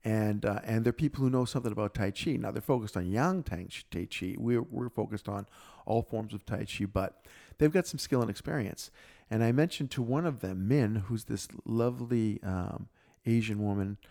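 Gravelly low-voiced man telling a story. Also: moderate pace. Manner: reflective, animated when quoting others. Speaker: podcast co-host. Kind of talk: casual conversational storytelling.

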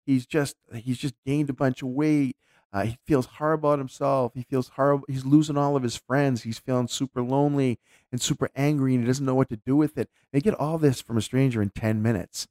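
A man's voice: medium pitch, steady tone, fairly quick, darkish tone, dry recording, studio quality. A man talking casually and candidly, reflecting aloud as he tells a personal story with frequent restarts.

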